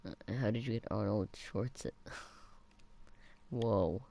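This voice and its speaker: A man's voice: fairly low pitch, slow, vocal fry, dark tone, a little hiss or hum. A young man casually commenting while playing a video game, rambling and joking, often trailing off mid-sentence. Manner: rambling, jokey, trails off into blah blah. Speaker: gaming video host. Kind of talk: casual let's-play commentary.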